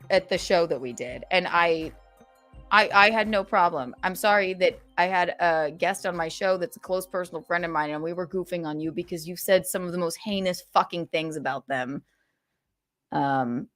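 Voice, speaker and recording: A woman hosting a casual livestream podcast, reading super chats aloud and venting sarcastically, swearing freely and swinging from loud outbursts to low mutters. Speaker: streamer and podcast host.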